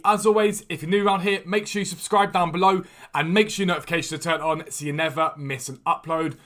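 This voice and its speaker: A gaming streamer and video host talks fast in a bright, fairly high, steady voice. He's quick, chatty and enthusiastic, jumping between topics and chat questions while trading in a football game during a casual livestream from a room at home with a door.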